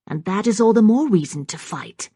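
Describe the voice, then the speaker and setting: A woman voicing a determined young gentlewoman who speaks earnestly and forcefully. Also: mid-range voice, animated, normal speed, husky, dry recording, clean studio sound, voice pushed up.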